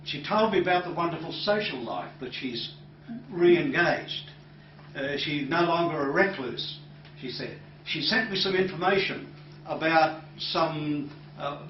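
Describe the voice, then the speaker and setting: Male hypnotherapist lecturer, slightly high voice, unhurried anecdote with many pauses, captured distant and roomy. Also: highs cut off, slight background noise. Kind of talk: recounting a client case to an audience.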